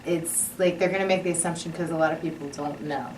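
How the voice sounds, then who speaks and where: Female panelist, low voice, sincere and searching, distant mic. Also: fairly even intonation, quick pace. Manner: earnest, restarts, quotes imagined dialogue. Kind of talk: panel discussion. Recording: distant mic, light noise.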